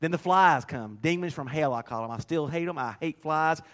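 A man's voice: a little high, a little fast, fairly bright tone. A man preaching a sermon in a folksy, emphatic storytelling manner.

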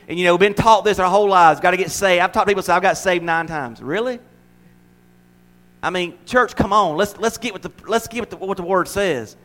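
A man with a notably high voice preaches to his congregation in a church. He swings between loud, drawn-out declarations and quick, quiet asides where he acts out little voices and laughs. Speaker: pastor. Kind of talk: sermon.

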